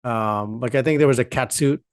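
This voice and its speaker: A man's voice: mid-range voice, moderate pace, no echo. Man, co-host, casual talk, hesitant, teasing, dry sound. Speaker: podcast co-host. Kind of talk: casual chat.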